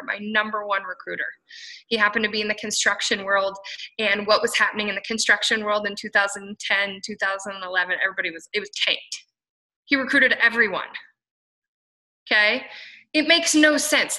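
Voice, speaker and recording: A woman's voice: on the high side, pushed and bright, poor audio. A woman giving a blunt, chatty motivational talk as an entrepreneur and coach, full of asides and quoted dialogue.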